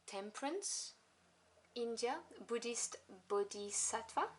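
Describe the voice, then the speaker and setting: A woman casually reviewing a tarot deck at home, chatty and enthusiastic, with soft asides as she flips through the cards. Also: on the high side, slow pace. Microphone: camera on tripod. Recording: noisy home recording with clicks.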